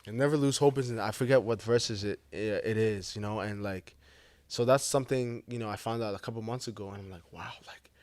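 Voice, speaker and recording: A man's voice: on the low side, brisk, darkish tone, no room sound. A young man with an African accent, a guest speaking earnestly and from the heart in casual chat, with many fillers. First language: African language. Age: young adult.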